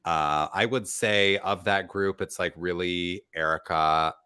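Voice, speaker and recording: A man's voice: sits low, fairly even intonation, unhurried, sharp tone, clean tone. A man co-hosting a casual reality TV recap, talking animatedly and acting out other people's quotes in put-on voices. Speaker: podcast co-host.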